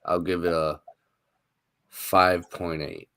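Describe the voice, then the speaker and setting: A man's voice: low-pitched, flat delivery, takes it slowly, a bit bright, dry recording. A man co-hosting a live podcast, chatting casually with dry joking asides. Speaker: podcast co-host. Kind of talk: casual chat.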